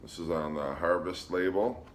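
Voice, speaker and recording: A man casually showing his record collection on a vlog, relaxed and hesitant, with frequent ums. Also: deep voice, moderate pace, slight background noise. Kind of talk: casual show-and-tell vlog.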